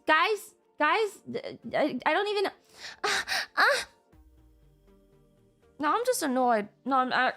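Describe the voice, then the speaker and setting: Woman, live streamer, high voice, swearing rants, mock fits, soft music in the background. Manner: ranting, swearing, mock tantrums; reads out and reacts to chat messages. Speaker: VTuber streamer. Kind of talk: casual live-stream chat.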